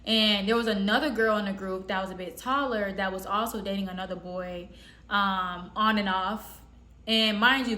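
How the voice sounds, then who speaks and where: A woman from the Southern US telling a story casually in a slangy, rambling way with animated quotes. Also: mid-range voice. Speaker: storytime vlogger. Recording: roomy echo.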